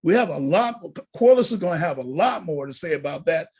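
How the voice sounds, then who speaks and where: Husky animated deacon teaching students. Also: male voice, a little high, fairly quick. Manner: animated, preacher-like exhortation. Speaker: deacon and college prep instructor. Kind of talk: motivational lesson to students.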